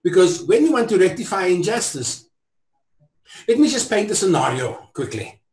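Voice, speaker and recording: A man's voice: high voice, very animated, moderate pace, a little mellow. A middle-aged South African man, an interview guest, telling stories with a preacherly, emphatic delivery. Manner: preacherly, rising to emphatic peaks. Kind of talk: impassioned storytelling. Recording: echoey room.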